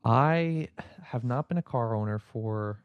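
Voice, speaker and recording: A man chatting as a podcast guest, at a middling pitch. He talks with hesitant restarts and wry, self-deprecating asides. His voice is close and dry, with no room sound. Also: unhurried, smooth, no echo, highs cut off. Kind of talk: casual chat.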